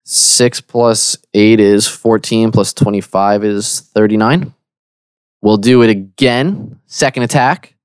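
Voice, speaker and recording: Low-voiced male player, relaxed, counting dice aloud, dry recording. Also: takes it slowly, clear, resonant tone, no echo. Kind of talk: tabletop game play, casual chat.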